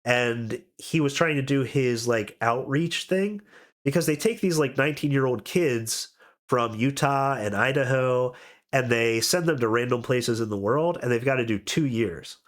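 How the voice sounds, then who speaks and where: A man's voice: mid-range voice, a little slow. A man on cold medicine telling a rambling story on a podcast, with lots of fillers and restarts. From expat living abroad. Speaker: podcast co-host. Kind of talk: casual podcast chat.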